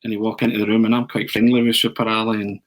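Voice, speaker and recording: A man telling a long, animated anecdote on a podcast. He restarts often and drops in "eh" between phrases. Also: fairly low pitch, racing, poor audio. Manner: animated storyteller, frequent restarts and "eh". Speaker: podcast pundit.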